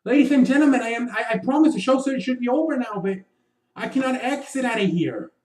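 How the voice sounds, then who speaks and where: Guy with a pretty high voice doing a sports show, rambly and swears a lot, sounds far from the mic in an echoey room. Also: expressive, fast, darkish tone. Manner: rambling, profane, with many fillers. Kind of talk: casual solo show wrap-up. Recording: roomy, away from mic.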